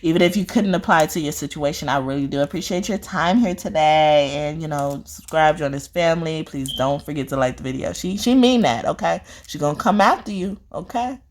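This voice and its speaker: A woman's voice: low-pitched, fairly quick, hardly any pauses, a little mellow. A woman who reads spiritual messages, chatting casually to viewers in a rambling way, full of fillers and laughter. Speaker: spiritual reader.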